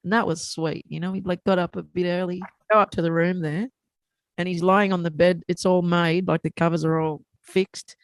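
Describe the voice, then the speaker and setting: A man's voice: sits high, little pitch movement, normal speed, vocal fry, clear, resonant tone, dry recording. A man casually telling an amused anecdote and acting out a phone call.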